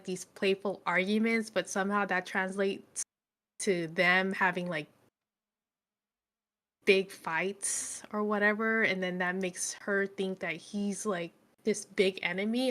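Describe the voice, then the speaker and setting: Young woman rambling about a book she read, mid pitch, lots of likes and ums. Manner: chatty, lots of fillers, animated retelling. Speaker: book reviewer. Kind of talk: casual chat.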